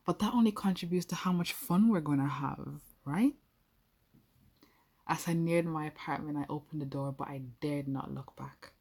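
A woman's voice: low-pitched, vocal fry, darkish tone, breathy edge. A young adult woman telling an intimate first-person role-play story, playful and speaking straight to the listener.

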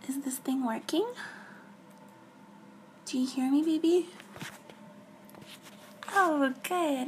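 A high-voiced woman in a whispered role-play, speaking slowly and tenderly as a girlfriend on a video call. Her voice has a gravelly edge, with clear ambient hiss behind it. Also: steady tone. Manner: soft, affectionate, often dropping to a whisper.

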